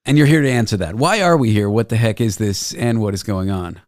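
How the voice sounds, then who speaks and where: A man's voice: lowish voice, a little fast, darkish tone, no echo, clean studio sound. A man hosting a talk show, joking and teasing his guests in a casual interview.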